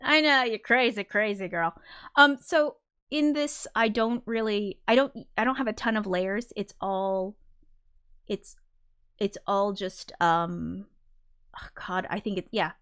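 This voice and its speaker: A woman's voice: mid-range voice, unhurried, fairly bright tone, clean tone. Rambling woman livestreamer chatting casually. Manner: rambling, thinking aloud while explaining; demonstrates by briefly singing lines. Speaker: livestream host and songwriter.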